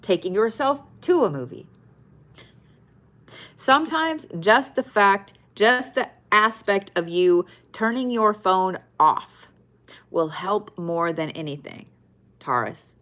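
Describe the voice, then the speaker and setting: A woman's voice: mid-range voice, lively intonation, slow, a bit bright. A woman giving a casual weekly zodiac card reading. She is blunt, swears often and repeats phrases for emphasis. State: tired, yawning. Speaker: zodiac and tarot reader.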